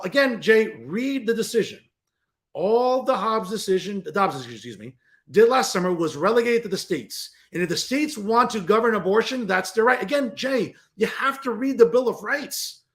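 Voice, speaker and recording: Sarcastic ranting man, fairly high voice. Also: fairly bright tone. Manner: repeatedly addresses listeners as folks. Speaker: political commentator and show host. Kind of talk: opinionated political commentary monologue.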